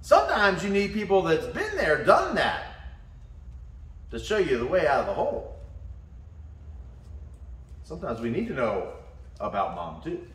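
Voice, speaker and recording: Brief: an animated motivational teacher with a high voice, recorded at a distance. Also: male voice, unhurried, long pauses. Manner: animated storyteller acting out voices. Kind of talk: motivational talk with storytelling. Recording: echoey room from afar.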